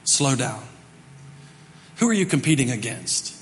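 A male pastor giving a conversational sermon, shifting between loud emphasis and soft, quiet passages. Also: mid-range voice, sing-song, a little slow, in a large hall, slight background noise. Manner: conversational preaching with dramatic swings from loud to soft. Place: church sanctuary.

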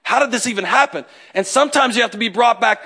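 Man, pastor, sermon, animated, conversational, high voice. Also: fast talker, husky. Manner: animated, conversational, acts out quotes.

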